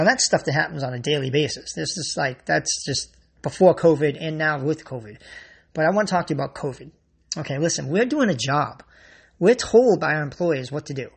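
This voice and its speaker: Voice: mid-range voice, gravelly, a bit bright, slightly rough. A grocery store worker giving a blunt, exasperated rant to the camera and swearing freely. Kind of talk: ranting monologue to camera.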